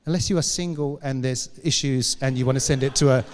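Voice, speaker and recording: A man's voice: mid-range voice, quick pace, in a large hall. A man teaching a church class in a playful, joking way, chatting with his audience.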